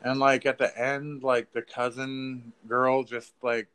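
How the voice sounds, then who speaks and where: A man's voice: little pitch movement, slow, a bit bright, smooth. Profane casual man reviewing movies. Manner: loose, profane, acts out lines in a high mocking voice. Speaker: podcast co-host.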